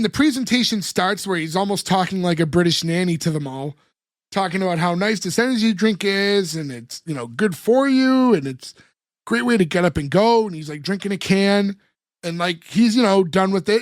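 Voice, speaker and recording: A man's voice: sits high, a little fast, no room sound, studio quality. A man co-hosting a podcast, recapping a TV episode in long casual retellings full of fillers. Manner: long retellings with many fillers and acted quotes. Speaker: podcast co-host.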